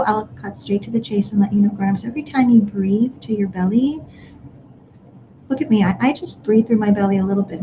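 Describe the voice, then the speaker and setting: A woman speaking to parents in a live online workshop, gently guiding them through breathing exercises. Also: mid-range voice, lo-fi sound, noisy background.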